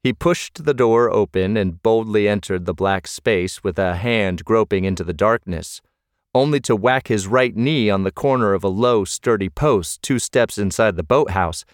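Male audiobook narrator, fairly low voice, close dry read. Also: no room sound. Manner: measured storytelling.

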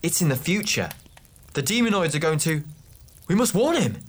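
A man voicing an anxious young male warrior in an audiobook, urgent and higher than his own voice. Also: lively intonation, moderate pace. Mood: alarmed. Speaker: warrior in a fantasy story. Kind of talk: audiobook character voice.

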